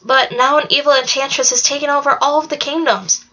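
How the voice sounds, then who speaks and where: An earnest, slightly wistful teenage girl, as a woman reads her from a storybook. The voice sits fairly high. The sound is dull and lo-fi. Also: fairly even intonation, fairly quick, pushed and bright. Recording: dull lo-fi recording.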